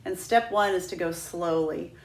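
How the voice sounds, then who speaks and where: A woman with a fairly low, steady, creaky voice teaches a flute lesson at a moderate pace in a roomy-sounding space. Patient and demonstrative, she guides students step by step and breaks into sung "ha ha" drills.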